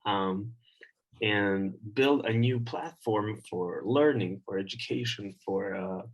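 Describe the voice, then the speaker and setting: Low-voiced, thoughtful man. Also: rough recording. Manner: thoughtful, pausing, searching for words. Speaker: co-host. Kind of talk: reflective casual conversation.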